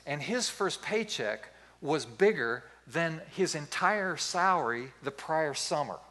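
Bright-voiced, storytelling male pastor. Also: on the high side, slow pace. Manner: animated storytelling, playful. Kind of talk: sermon.

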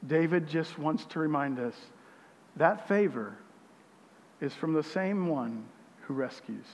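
A man preaching a sermon as pastor, reading scripture with emphasis, his voice swelling loud and then dropping quiet. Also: on the high side, expressive, slow pace, in a large hall, slight background noise.

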